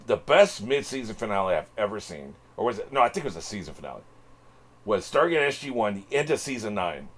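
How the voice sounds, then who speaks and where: A lower-pitched man hosting his own podcast, his voice swinging up and down with lively energy. He rambles casually, restarts his sentences and curses freely. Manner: rambling, animated, swearing freely. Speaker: podcast host. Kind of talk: casual solo podcast talk.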